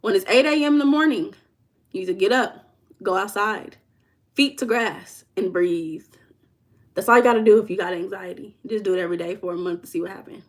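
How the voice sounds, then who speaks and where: Playful Southern woman livestreaming. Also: medium pitch. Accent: Southern US dialect. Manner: playful, teasing, drawls and slows for emphasis. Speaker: life coach livestream host. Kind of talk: casual livestream chat reading comments.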